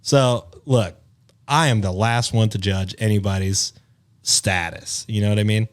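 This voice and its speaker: A man's voice: fairly low pitch, unhurried. A man co-hosting a podcast, joking around and apologizing with a self-deprecating laugh. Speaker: podcast co-host. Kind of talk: casual podcast chat.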